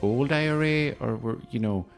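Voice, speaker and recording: A man's voice: medium pitch, normal speed, gravelly, soft background music, voice pushed up, close to an everyday voice. A man voicing a chatty Northern Irish paramilitary figure with a Northern Irish accent, who rambles and teases in a mock-formal way. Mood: sly. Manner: rambling, teasing, mock-formal "Mister Ford".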